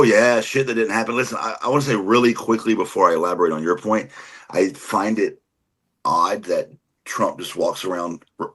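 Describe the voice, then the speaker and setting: A man giving emphatic, heated, profane political commentary with a husky voice. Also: deep voice, bright, forceful tone. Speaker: co-host or guest commentator.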